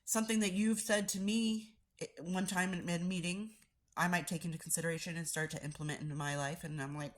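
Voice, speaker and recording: Congested woman with a low voice, earnest casual reflection, stammers and repeats herself. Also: fairly even intonation, brisk. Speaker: recovering addict sharing daily reflection.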